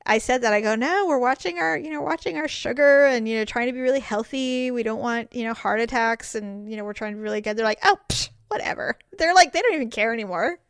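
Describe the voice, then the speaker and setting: Animated storyteller woman, higher voice. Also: fast, hardly any pauses, clean tone, dry recording, clean studio sound. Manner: animated, acts out voices of family members while telling stories. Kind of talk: casual chat, storytelling.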